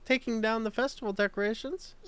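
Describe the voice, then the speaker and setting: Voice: medium pitch, fairly even intonation, fairly quick, a little hiss or hum, natural voice. A streamer reading out a frightened schoolgirl's lines from a game, anxious and talking herself through panic. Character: frightened schoolgirl lost alone. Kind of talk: reading game dialogue aloud.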